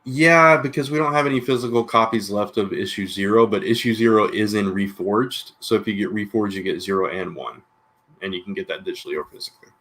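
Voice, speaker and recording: A man's voice: on the low side, quick pace, fairly bright tone, slight background noise. A man co-hosting a casual livestream podcast, rambling and hesitant with lots of filler. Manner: rambling, hesitant, full of "you know". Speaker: comic book podcast co-host.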